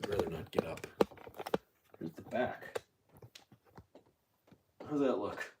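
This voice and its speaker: Lively, low-voiced man chatting on a livestream. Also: slow, slight background noise. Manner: rambling, jokey, talks to viewers directly. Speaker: livestream host. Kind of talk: casual solo livestream chat. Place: at home.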